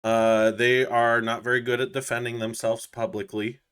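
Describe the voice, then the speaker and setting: A man's voice: medium pitch, level tone, moderate pace, a bit bright, smooth. A man playing in a tabletop game, recapping casually in a cocky, sarcastic, profane way. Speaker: player.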